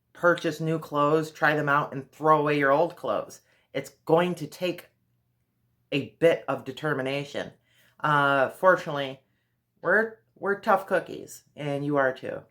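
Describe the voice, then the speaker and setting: A woman's voice: sits low, a bit bright. Woman, vlogger, casual advice monologue, earnest, instructive.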